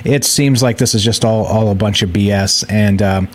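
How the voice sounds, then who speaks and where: A man's voice: lowish voice, fairly even intonation, moderate pace. Rambling sarcastic male podcast host. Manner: rambling, sarcastic, full of fillers and restarts. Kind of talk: casual live-show monologue.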